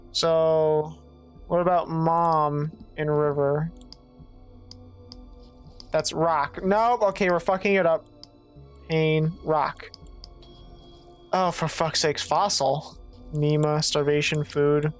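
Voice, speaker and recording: A woman streamer giving let's play commentary, thinking out loud, swearing freely and reading game text aloud, with faint game music behind. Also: sits low. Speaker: gaming streamer.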